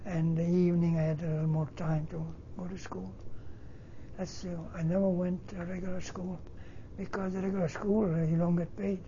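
An older man from Northern Italy, native Italian, speaking English with an Italian accent and halting, broken phrasing, telling his life story in an interview. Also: high-pitched, flat delivery, dark tone, highs cut off, slight background noise. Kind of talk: oral history interview.

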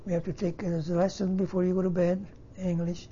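An older man from Northern Italy, native Italian, speaking English with an Italian accent and halting, broken phrasing, telling his life story in an interview. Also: high-pitched, monotone, mellow, lo-fi sound, a little hiss or hum. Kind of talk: oral history interview.

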